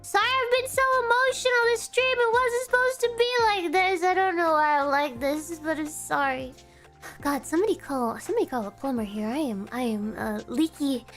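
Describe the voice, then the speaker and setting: A woman's voice: extremely high pitch, fairly even intonation, moderate pace, a bit bright, soft background music. A woman streamer chatting casually on her birthday stream, bubbly, playful and openly emotional. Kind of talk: casual live-stream chat.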